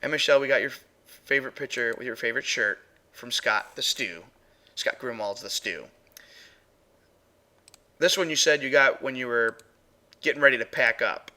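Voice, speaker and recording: Man, live-stream host, bright clear tone, chatty, casual. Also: medium pitch, normal speed, pauses often. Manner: chatty, reviewing audio clips, talks to chatroom. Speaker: paranormal show host.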